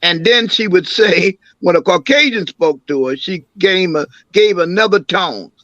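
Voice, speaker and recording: An older man recounts family memories in an interview, telling them with animated swings of a slightly high voice. His recording sounds dry and a little dull. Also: measured pace, dry recording. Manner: animated storyteller, acts out quoted voices. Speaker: imam and city councilman, interview guest.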